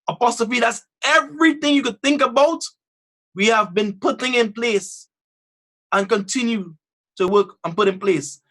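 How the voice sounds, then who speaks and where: A man with a high voice introduces clips in a webinar, talking in an emphatic, preacher-like rhythm. He stretches some words and pushes others hard. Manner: emphatic, rising to excited. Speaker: webinar presenter. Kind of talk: presenting clips with commentary.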